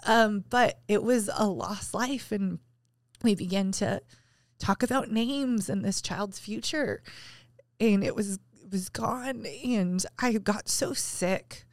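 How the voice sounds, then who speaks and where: A woman's voice: mid-range voice, slow pace, dry recording, clean studio sound. A woman in her thirties co-hosting a faith podcast, telling a painful personal story candidly and with emotion. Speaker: podcast co-host. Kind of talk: casual chat.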